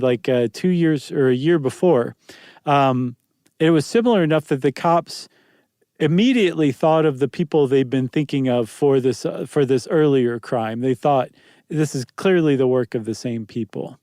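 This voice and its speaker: A man's voice: medium pitch, normal speed, mellow, no room sound, studio quality. A man co-hosting a podcast, talking in a loose, casual way with lots of ums and restarts. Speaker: podcast co-host. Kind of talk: casual chat.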